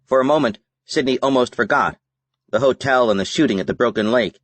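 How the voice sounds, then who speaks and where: A man narrating a novel as an audiobook in a measured, even reading. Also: medium pitch, no echo. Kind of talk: scripted narration.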